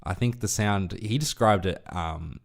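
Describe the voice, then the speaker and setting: A man talks in a slightly low voice. His humor is dry and deadpan, and he pauses often with ums as he chats on a podcast. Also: creaky. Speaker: podcast co-host. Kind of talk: casual chat.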